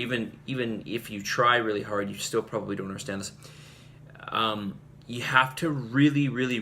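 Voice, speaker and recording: A man's voice: fairly low pitch, bright, forceful tone, slight background noise. A male fitness coach giving an earnest, rambling talk to his group, full of fillers and restarts. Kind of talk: casual talk to camera.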